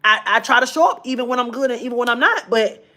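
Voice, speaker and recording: Woman vlogging, fairly high voice, talks to viewers like friends, emotional and chatty. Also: animated, fast talker, sharp tone. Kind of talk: casual personal storytelling to viewers.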